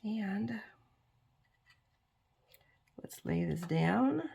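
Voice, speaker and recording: Tired, chatty woman with a gravelly voice. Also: medium pitch, lively intonation, extremely slow, mellow. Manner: chatty, tired, talks while working. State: tired and yawning. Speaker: crafting video host. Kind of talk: casual crafting tutorial chat.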